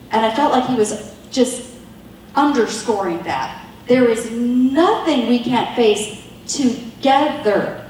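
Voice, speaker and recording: A middle-aged woman giving an earnest devotional talk to women, slowing into soft, deliberate phrases when she voices God's words. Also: on the high side, lively intonation, recorded from a distance. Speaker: women's ministry speaker. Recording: echoey room, voice from afar, faint hiss.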